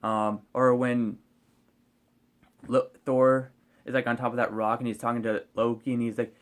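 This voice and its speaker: A man's voice: medium pitch, level tone, normal speed. A man casually reviewing a movie on his vlog, rambling and hesitant, with many fillers and restarts.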